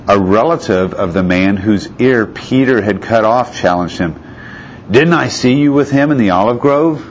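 A man with a deep, low voice delivers a sermon. He reads out scripture and keeps asking his listeners questions. The recording is a little muffled, with a faint hiss behind it. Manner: asks the listeners rhetorical questions. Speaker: preacher.

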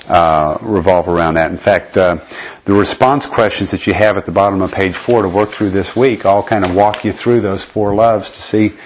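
A man leading a conversational Bible study lesson, explaining step by step and often checking in with his listeners. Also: lowish voice. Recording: dull lo-fi recording.

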